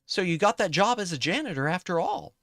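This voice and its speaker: A man's voice: big pitch swings, brisk, creaky, fairly bright tone, exaggerated voice. A man voicing a sneering pirate who trades insults in a mocking, taunting way. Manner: taunting, mocking, high-pitched. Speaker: streamer reading enemy pirate lines.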